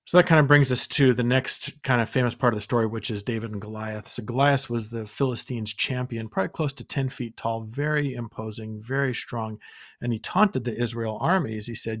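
A man's voice: lowish voice, fairly even intonation, brisk. A man hosting a scripture study podcast, talking in an earnest, encouraging way and retelling stories with quoted dialogue. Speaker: podcast host.

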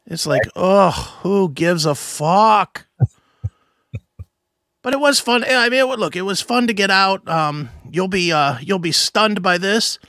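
A man co-hosting a show, telling a story in casual chat, animated and swearing, acting out other voices. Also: high voice, a little slow, no room sound, clean studio sound. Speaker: podcast co-host.

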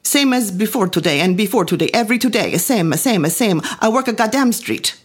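A woman voicing a cheerful, naive young Italian immigrant man who speaks halting, broken English with a thick Italian accent. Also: medium pitch, lively intonation, breathy edge, voice pushed up.

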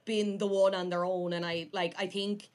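A woman's voice: mid-range voice, level tone, moderate pace, darkish tone. A young woman with an Irish accent, chatting as a podcast guest, her talk full of "like" fillers. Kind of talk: casual chat.

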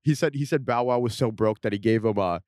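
A young man rambles through stories in loose casual chat, breaking into quick put-on voices now and then. His voice sits at a middling pitch. It is recorded dry and close, with no room sound. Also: darkish tone, no room sound. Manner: rambling storyteller, doing quick impressions.

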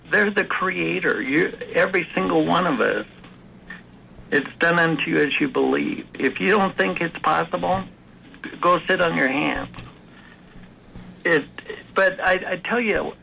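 A man with a fairly high, bright and gravelly voice talks earnestly as an interview guest, stopping and restarting as he tells his story. His tone is forceful and tense. A faint hiss sits under the recording. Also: poor audio. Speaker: author and guest. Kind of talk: conversational interview.

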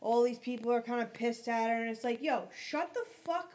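A woman co-hosting a casual podcast chat, ranting in a crude, profane, animated way. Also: a little high, a little fast.

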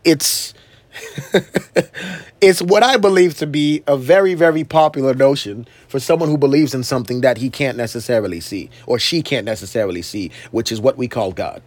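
A man's voice: mid-range voice, normal speed, no echo. A man hosting a podcast in an impassioned spoken monologue, repeating phrases for emphasis and asking rhetorical questions like a preacher. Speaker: podcast host.

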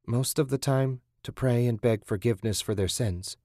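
A man's voice: medium pitch, moderate pace, a little mellow, no echo, clean studio sound, voice pushed up, lightly acted. A man voicing a frightened young woman on the run, anxious and pleading.

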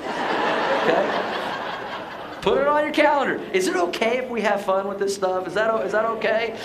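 Man, pastor, playful emphatic sermon, high voice, roomy church echo. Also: normal speed, heavy background noise. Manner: playful, joking, emphatic preaching. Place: church sanctuary.

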